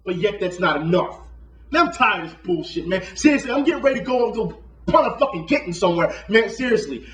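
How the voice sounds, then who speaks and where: A man's voice: sits high, animated, quick pace, fairly bright tone, echoey room, far from the mic, muffled recording. A man ranting angrily about basketball fans, swearing constantly and lecturing his viewers. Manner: angry, profane, lecturing. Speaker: vlogger. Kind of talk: profane sports rant.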